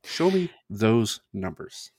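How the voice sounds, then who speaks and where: A man hosting a sports podcast, bluntly indignant and quick to swear. His voice sits on the low side. The recording is dry and close. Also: very animated, darkish tone, no room sound. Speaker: podcast host. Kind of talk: casual sports podcast rant.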